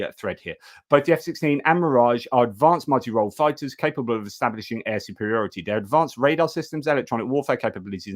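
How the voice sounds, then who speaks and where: A man hosting a live-stream news update, reading items aloud with frequent fillers, restarts and chatty asides. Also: medium pitch. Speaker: host.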